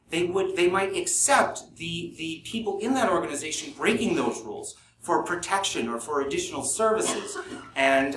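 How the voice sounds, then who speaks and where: A man's voice: high voice, a bit bright. A man giving a live talk at a forum, earnest and thinking aloud with restarts. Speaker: podcast host giving a talk. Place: conference room at a forum. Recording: echoey room, distant mic, faint hiss.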